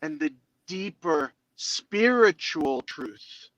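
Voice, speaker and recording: Expressive man, dry close sound. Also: fairly high pitch, very slow, no room sound, lo-fi sound. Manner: expressive, acts out inner dialogues in other voices. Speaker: guest speaker. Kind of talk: motivational interview talk.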